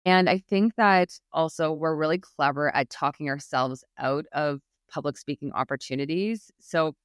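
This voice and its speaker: A woman's voice: sits low, normal speed, clear, resonant tone, no room sound, clean studio sound. A woman guest expert on a podcast, talking about public speaking anxiety in an earnest, encouraging way, often restarting her sentences. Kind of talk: podcast interview.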